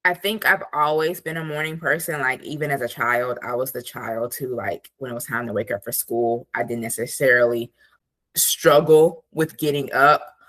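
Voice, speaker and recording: A woman guest, an attorney and productivity coach, chatting casually on a podcast with lots of "like" and animated asides. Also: extremely low pitch, normal speed. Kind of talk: casual interview chat.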